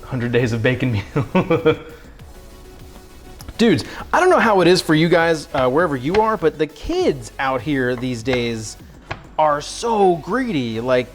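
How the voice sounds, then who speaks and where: A man with a fairly high, very animated voice takes his time as he hosts a cooking livestream in his home kitchen, faint music playing behind. Breathless from sawing, he jokes and rambles with his audience, turning the banter with chat on himself.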